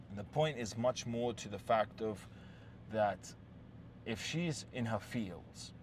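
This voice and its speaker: Blunt, swearing man with a low voice. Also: a little mellow, a little hiss or hum. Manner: blunt, heavy swearing, frequent "yes?" check-ins; restarts and repeated words. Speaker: relationship advice host. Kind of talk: unscripted monologue.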